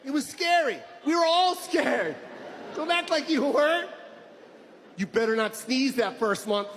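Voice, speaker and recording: A middle-aged man doing stand-up, ranting loudly and nostalgically. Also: very high-pitched, expressive, a little slow. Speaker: stand-up comedian. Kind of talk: stand-up routine. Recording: loud crowd and noise. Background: roaring audience.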